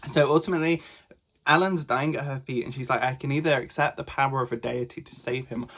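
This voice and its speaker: A man talking casually as a book reviewer, excitable and gushing, rambling along with lots of fillers. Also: medium pitch, fast.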